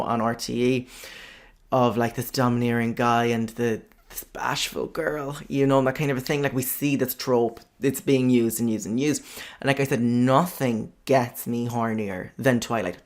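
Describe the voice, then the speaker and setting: A man hosting a podcast, talking in a chatty, frank way, heavy on fillers and swearing. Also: medium pitch. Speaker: podcast host. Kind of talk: casual podcast monologue.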